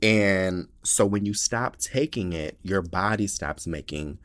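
A young man hosting a podcast, telling a story in a slangy, animated way, swearing often and acting out quotes. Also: low voice, slow. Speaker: podcast host. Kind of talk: casual storytelling monologue.

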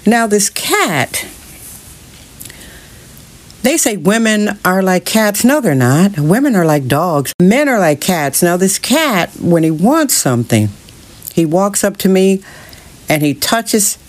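A woman's voice: mid-range voice, very animated, takes it slowly. A middle-aged woman hosting her own show, ranting bluntly with rhetorical questions and strong opinions. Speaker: show host. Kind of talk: opinionated monologue. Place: San Francisco.

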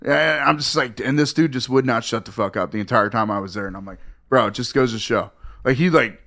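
A man's voice: mid-range voice, fairly quick. A man guesting on a podcast, telling comic stories in casual chat, swearing freely and acting out the people in them. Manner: profane, animated, acts out quoted voices. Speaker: podcast guest, stand-up comedian.

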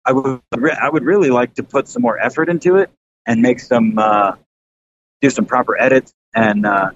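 A man chatting casually on a podcast, rambling with lots of fillers and restarts and casual swearing. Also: moderate pace. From American South. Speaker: YouTuber guest. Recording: slightly dull lo-fi sound with faint rumble.

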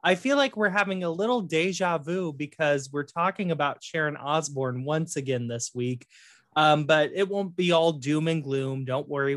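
A man's voice: a little high, a bit bright, no room sound, clean studio sound. A man hosting a casual podcast chat, playful and camp, often laughing. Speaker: podcast host.

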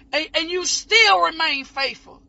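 A woman preacher in full ecstatic sermon, shouting, whooping and near tears. Her voice sits very high and cuts bright. The recording is muffled and lo-fi. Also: gravelly, no room sound. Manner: impassioned, shouting and whooping, voice breaking as if crying.

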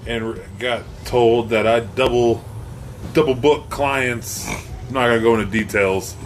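A man's voice: medium pitch, steady tone, a little slow, a little hiss or hum. A man in casual, profane chat, telling stories in a laid-back way.

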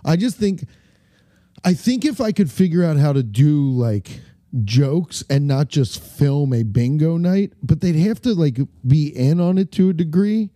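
A man, a comedian and bingo caller, telling animated stories in casual podcast chat and acting out loud voices. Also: a little high, a little slow, no echo, studio quality.

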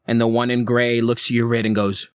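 A man narrating a tabletop game as game master, slowly describing the scene with many hedging "sort of"s. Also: mid-range voice, flat delivery, clean tone, dry recording.

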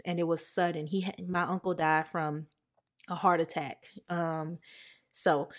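A young woman hosting a podcast, talking casually and emotionally to her listeners, calling them y'all. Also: lowish voice. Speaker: podcast host. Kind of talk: casual personal podcast talk.

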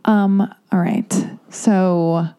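A woman's voice: lowish voice, fairly even intonation, extremely slow, warm tone, clear, resonant tone. A woman hosting a podcast, interviewing a guest in a chatty, exclamatory way. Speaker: podcast host. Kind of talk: casual interview chat.

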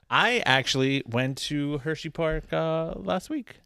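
Guy on a podcast with his friends, slow talker, lots of laughing, super dry sound. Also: fairly high pitch, gravelly, sharp tone, clean tone, no room sound. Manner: laughs often, rambling restarts. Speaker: podcast co-host. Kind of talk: casual chat among friends.

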